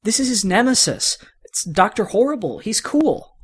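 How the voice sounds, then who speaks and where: Keen young boy obsessed with toys, as a male narrator puts him on, raised pitch. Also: very animated, normal speed, slightly rough, exaggerated voice. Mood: eager. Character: excited young boy who loves toys.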